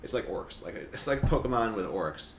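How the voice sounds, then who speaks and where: Lively low-voiced man telling game stories. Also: moderate pace, gravelly. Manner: animated storyteller who laughs and puts on silly voices. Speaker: podcast co-host. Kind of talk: casual chat. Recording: roomy echo with faint ambient noise.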